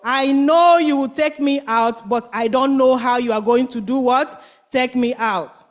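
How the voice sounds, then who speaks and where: A woman's voice: sits high, measured pace. A woman voicing a hopeful, determined male frog in a children's church story, earnest and pleading. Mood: praying.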